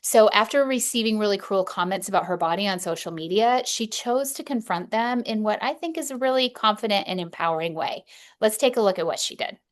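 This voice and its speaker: A woman hosts a podcast and opens the episode in an earnest, measured way. She speaks at a middle pitch, neither high nor low. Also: expressive. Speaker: podcast host, clinical director. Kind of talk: podcast introduction.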